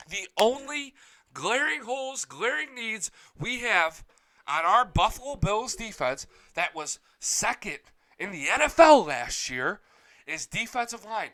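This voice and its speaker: A man's voice: high voice, very animated, a little slow, bright, forceful tone. A young man hosting a live sports talk show, ranting with heavy profanity and hype. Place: home studio.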